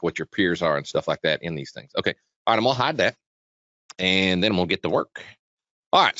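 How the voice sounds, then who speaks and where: A man hosting a live trading webinar, chatty and energetic, talking quickly with frequent restarts. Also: lowish voice, no echo. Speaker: webinar host, trading educator. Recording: dull, dry lo-fi sound.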